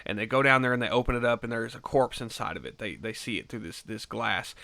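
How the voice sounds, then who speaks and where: A man's voice: mid-range voice, fast, creaky, pushed and bright, no room sound. A man giving a casual film review, rambling through the plot with lots of fillers and swearing. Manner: loose rambling retelling full of fillers and swearing.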